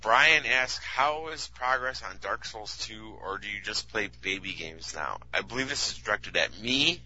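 A man's voice: lowish voice, expressive, normal speed, pushed and bright, lo-fi sound. A man co-hosting a casual gaming podcast, reading listener questions and hedging his answers in a self-deprecating way.

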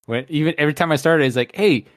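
A man's voice: fairly high pitch, racing, fairly bright tone, no echo. A man in a casual chat about video games, eager and loose, swearing and calling people dude. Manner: enthusiastic, swears, says dude.

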